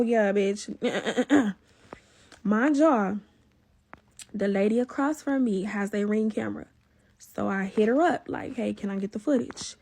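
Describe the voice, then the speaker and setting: High husky woman telling a story. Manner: animated, profane, talks straight to viewers. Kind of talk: casual storytime vlog.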